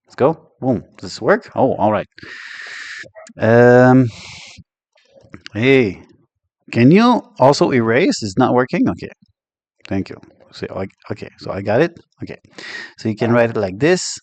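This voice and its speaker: A man's voice: mid-range voice, sing-song, a little slow, vocal fry, pauses often, a little mellow, dry recording. A man with a Quebec French accent, teaching French expressions in a casual, joking way and laughing often. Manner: chatty and joking, laughs often, switches between English and French. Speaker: language teacher. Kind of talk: casual online language lesson.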